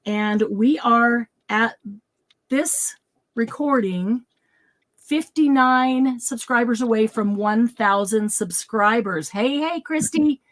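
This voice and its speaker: Cheery lady hosting a craft livestream, kinda high pitched, keeps laughing and saying hi to people. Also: slow pace. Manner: bubbly, laughs often, greets viewers by name. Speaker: craft show host. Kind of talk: casual livestream chat.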